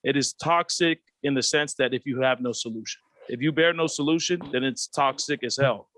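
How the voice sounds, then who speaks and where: A man's voice: medium pitch, moderate pace, fairly bright tone. A man from the Pacific Islands, a panel guest who talks in a reflective, earnest way over a video call. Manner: reflective, earnest, acts out quoted voices. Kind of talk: candid panel discussion.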